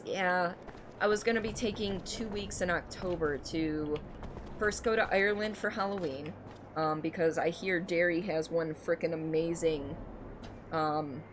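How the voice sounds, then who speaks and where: A young woman from Michigan is streaming a game from home, chatting with her viewers and laughing a lot. Her voice is a little low and her pace moderate, with a steady hum of noise beneath her mic. The whole thing feels casual and unscripted.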